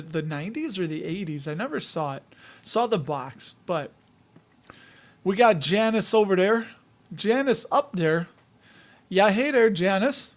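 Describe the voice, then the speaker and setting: A man from the Chicago area hosting a casual livestream, reading viewer comments in a jokey, rambling way with frequent chuckles. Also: high-pitched.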